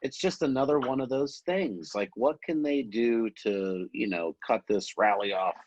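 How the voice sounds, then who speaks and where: A man's voice: medium pitch, moderate pace, darkish tone, dry recording, lo-fi sound. A man co-hosting a political talk show, chatty and teasing, egging the host on.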